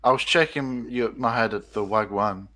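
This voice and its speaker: A man's voice: medium pitch, moderate pace, pushed and bright. A young man co-hosting a podcast, chatting casually with dry, mock-indignant humour. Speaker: podcast co-host. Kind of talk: casual chat.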